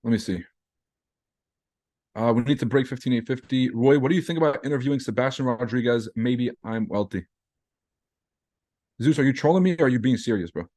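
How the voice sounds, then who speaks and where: A man's voice: mid-range voice, a little fast, pauses often, mellow. Brash, profane male trading streamer. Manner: reacts to chat messages. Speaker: trading livestream host. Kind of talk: casual livestream chat.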